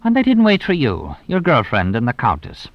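A man's voice: mid-range voice, wildly swooping pitch, normal speed, dry recording, lo-fi sound, pitched above the performer's own voice. A man voicing a shrewd, teasing police inspector who probes with dry, mock-innocent questions. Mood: sly.

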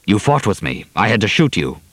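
Man voicing a low, menacing commandant. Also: very animated, a little fast, dry recording. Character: menacing gun-toting male camp commandant.

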